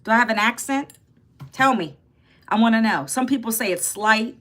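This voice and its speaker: A woman's voice: on the high side, normal speed, a bit bright. A woman in her fifties from Northern Virginia, hosting a casual livestream, chatting with viewers and answering their comments. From Northern Virginia, United States. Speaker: livestream host. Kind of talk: casual livestream talk, reading chat.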